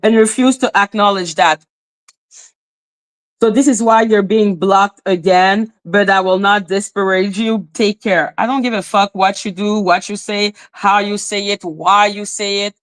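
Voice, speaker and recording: A woman with as her ranting bluntly on a live stream, swearing freely, dropping to flat mutters and jumping to high exclaims. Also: unhurried. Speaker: livestream host. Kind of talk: casual live-stream rant.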